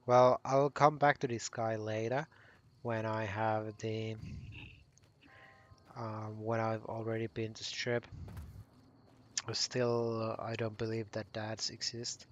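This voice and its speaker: A man's voice: lowish voice, little pitch movement, slow pace, pauses often, dull audio, a little hiss or hum. A man casually commenting while playing a video game, rambling and often correcting himself. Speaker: gaming channel host. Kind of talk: casual let's play commentary.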